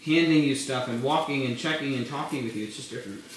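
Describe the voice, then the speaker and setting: Guy throwing in quick blunt remarks, fast talker, super echoey and off mic. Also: medium pitch, slight background noise. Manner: blunt, quick side comments. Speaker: co-host, husband. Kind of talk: casual chat.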